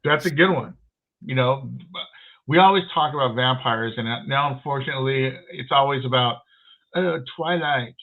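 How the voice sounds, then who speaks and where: A man's voice: medium pitch, moderate pace. Man, podcast host, brief laughing replies, tinny call-quality audio. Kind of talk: casual interview chat. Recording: phone-like remote call audio.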